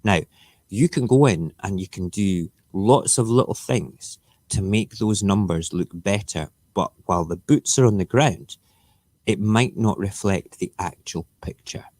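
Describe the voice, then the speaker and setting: A man's voice: sits low, unhurried, a little mellow, no echo, studio quality. A man who hosts a casual morning live stream, ranting emphatically and sarcastically. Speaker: live-stream show host.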